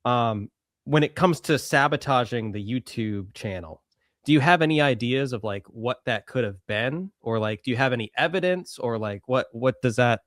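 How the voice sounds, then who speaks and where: A man's voice: mid-range voice, expressive, normal speed, fairly bright tone, no room sound, studio quality. A man co-hosting a podcast, asking questions in a polite, curious way. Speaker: podcast co-host. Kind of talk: casual podcast chat.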